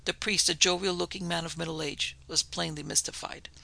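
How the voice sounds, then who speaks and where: A man narrating a gothic story in a steady, plain reading voice. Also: on the high side, a little fast, gravelly, poor audio. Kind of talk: audiobook narration.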